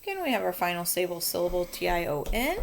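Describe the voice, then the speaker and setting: A woman's voice: lowish voice, big pitch swings, fast, vocal fry, heavy background noise. A woman teacher talking students through a phonics coding lesson, patient and encouraging.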